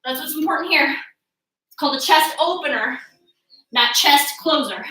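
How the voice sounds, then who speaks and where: A woman fitness instructor coaching a workout class, energetic and encouraging, whooping and cheering, out of breath from exercising along. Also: high voice, normal speed. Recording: echoey room, mic at a distance.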